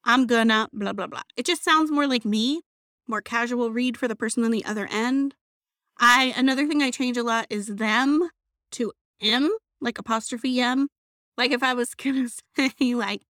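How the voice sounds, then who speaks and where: A chatty woman hosts her own podcast, her voice sitting a little high. She talks casually and with animation, as if to a friend. The sound is close and dry, with no room around it. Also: normal speed, a bit bright, no echo. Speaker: podcast host. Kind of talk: casual solo podcast talk.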